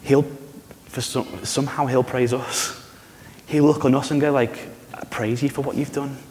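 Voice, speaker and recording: A man preaching a sermon in a church, conversational and animated, often asking the congregation questions. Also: medium pitch, normal speed, a little hiss or hum. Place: church hall. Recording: reverberant church hall.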